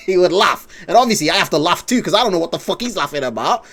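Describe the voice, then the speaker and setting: A man talks casually on a live stream, rambling from one thought to the next and swearing freely. His voice sits on the higher side for a man, and he laughs often. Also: expressive, fast, few pauses, a bit bright.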